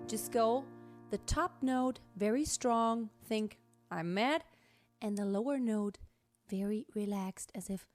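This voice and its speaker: A woman teaching a singing lesson, speaking with enthusiasm and encouragement and now and then dropping to a breathy tone to show voice colors. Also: mid-range voice, dark tone, no room sound, clean studio sound. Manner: enthusiastic, encouraging, shifts between strong and breathy tones. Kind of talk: vocal lesson with sung demonstrations.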